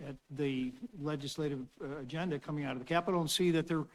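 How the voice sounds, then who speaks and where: A male city councilor with a fairly high voice explains a plan in a rambling way, pausing on fillers and restarting his sentences. The sound carries a long reverb from the chamber. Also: fairly even intonation. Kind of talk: formal meeting talk.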